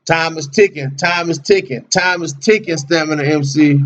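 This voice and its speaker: A man's voice: a little high, normal speed, fairly bright tone. A man hosting a casual livestream, chatting with viewers by name in slangy, laid-back talk. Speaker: livestream host.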